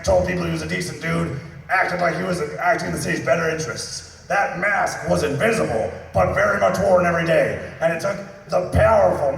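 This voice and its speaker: A bombastic, pompous newspaper editor, played by a man at a convention panel holds forth with a gravelly, fairly high voice. He sounds far from the mic, and a long hall echo surrounds every word. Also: slight background noise. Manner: pompous, grandiose speechifying. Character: blustering, bombastic middle-aged male newspaper editor. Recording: echoey hall recorded from far off.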